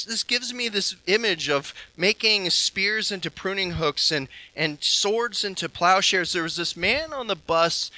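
Impassioned bright-voiced male preacher. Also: sits high, no room sound, low-quality recording. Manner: impassioned, swinging from hushed to loud. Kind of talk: sermon.

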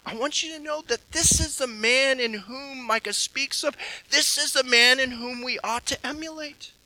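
A man preaches a sermon in a high, very bright voice. His delivery is impassioned, dropping to a hush and then rising loud. The sound is dry and close. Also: normal speed, no room sound, poor audio. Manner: impassioned, swinging from hushed to loud.

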